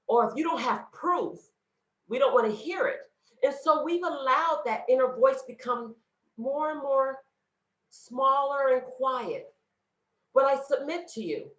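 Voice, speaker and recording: A woman gives an earnest motivational talk on a video call and speaks straight to her listeners. Her voice sits a little high and rises and falls with a lot of life. The call audio sounds dull and roomy. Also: fairly bright tone. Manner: earnest, conversational, addresses audience directly. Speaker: guest speaker.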